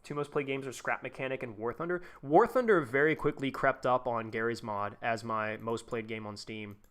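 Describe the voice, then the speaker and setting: A man's voice: medium pitch, normal speed, a bit bright. A young man live-streaming a game, chatting casually and rambling with lots of fillers and restarts. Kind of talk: casual gameplay commentary.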